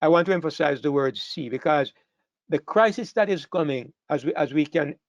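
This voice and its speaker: A man's voice: on the high side, moderate pace, no room sound, dull audio. A man preaching a sermon to a congregation, earnest and emphatic, repeating phrases as he builds to stressed points. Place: church hall with a live congregation.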